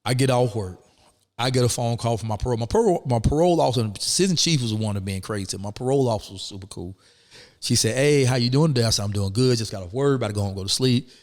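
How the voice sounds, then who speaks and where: A man's voice: medium pitch, very fast, big-room sound. A man, telling his story as a guest in a casual interview and acting out the people in it. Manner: animated, acts out quoted people.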